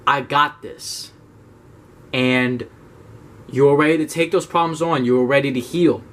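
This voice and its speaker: A man's voice: medium pitch, normal speed. A young man giving blunt, profane advice to his viewers in a casual video talk. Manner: blunt, profane, animated, talks straight to viewers. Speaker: self-help YouTuber.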